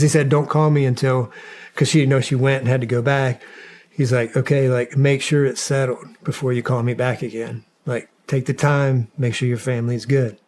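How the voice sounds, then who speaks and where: Appearing as a guest on a podcast, a former soldier tells a loose, rambling story from his army days, packed with fillers and swearing. His voice is mid-range and a little mellow.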